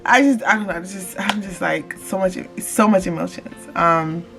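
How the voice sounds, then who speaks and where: Excited woman vlogger with gravelly edges. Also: fairly low pitch, normal speed, over music. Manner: excited, animated, addresses viewers as y'all. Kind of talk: casual storytime to camera.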